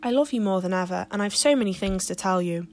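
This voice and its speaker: Earnest, ambitious teenage girl with impassioned, wordy speech, read plainly by a woman, mid pitch. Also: quick pace, faint music behind, close to an everyday voice. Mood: joyful.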